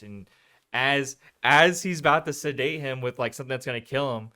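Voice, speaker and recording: A man's voice: mid-range voice, normal speed, clean tone. A man co-hosting a podcast, casually retelling a movie's scenes and acting out the characters' lines. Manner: animated retelling with quoted lines. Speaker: podcast co-host. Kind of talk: casual movie review chat.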